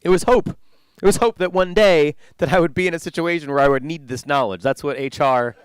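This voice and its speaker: Rambling stand-up comedian man, smooth dry sound. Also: a little high, fairly even intonation, a little fast, dry recording. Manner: rambling, self-interrupting, laughs at own jokes. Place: conference stage.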